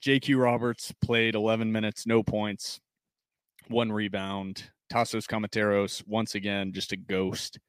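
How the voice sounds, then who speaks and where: A low-pitched man co-hosting a sports podcast, running through box-score numbers at an even pace. His delivery is measured and conversational. The recording is dry and close. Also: clean tone, dry recording. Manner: reads box-score stats in a steady, measured recap. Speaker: podcast co-host. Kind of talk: casual sports podcast chat.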